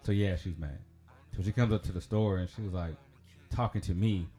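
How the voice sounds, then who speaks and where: A man with a low, dark-toned voice talks fairly quickly as a podcast host telling a personal story. He's chatty and rambling, laughing often and using lots of fillers.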